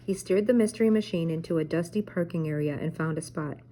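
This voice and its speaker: An older woman reads a children's chapter book aloud, gentle and unhurried. Her voice sits low for a woman and has a warm, mellow softness. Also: slight background noise, rough recording. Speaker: teacher reading aloud.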